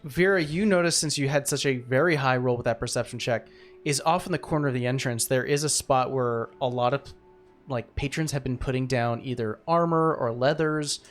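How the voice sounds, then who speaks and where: A man's voice: medium pitch, a little fast, faint music behind. Rambling male game master. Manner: rambling, many fillers. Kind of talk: narrating a tabletop game.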